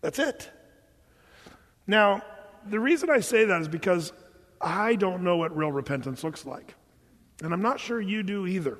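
A man preaching with a high, lively voice that carries through the long reverb of a church hall. He teaches with animated joking asides and acts out the quotes he reads. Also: moderate pace, long pauses. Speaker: pastor. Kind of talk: sermon.

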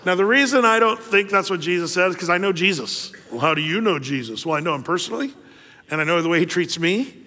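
A man's voice: sits high, animated, quick pace, pushed and bright. A male pastor preaching a sermon in a conversational, storytelling way, with lots of fillers and restarts, in a church hall. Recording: long hall reverb.

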